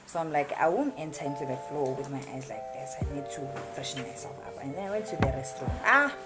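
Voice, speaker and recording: A woman's voice: low-pitched, lively intonation, fast. A young South African woman with a South African accent, telling a story in a chatty way full of slang and fillers. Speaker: YouTuber. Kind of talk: casual storytime. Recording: music playing behind.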